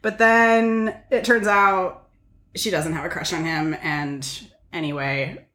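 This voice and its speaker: A woman's voice: on the low side, steady tone, takes it slowly, fairly bright tone, reverberant. A woman co-hosting a podcast, recapping a movie casually with wry asides. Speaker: podcast co-host. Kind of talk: casual chat, summarizing a film plot.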